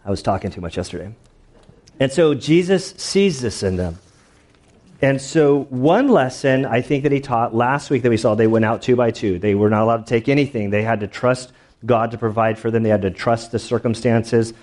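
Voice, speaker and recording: A man's voice: mid-range voice, normal speed, darkish tone. Conversational male pastor preaching. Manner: conversational storytelling with many fillers. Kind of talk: sermon.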